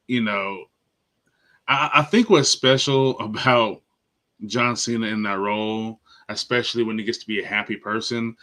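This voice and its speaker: A man's voice: on the low side, bright, forceful tone. A man from Nashville co-hosting a casual movie and TV review podcast, ranting emphatically and swearing freely. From Nashville, Tennessee. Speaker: podcast co-host.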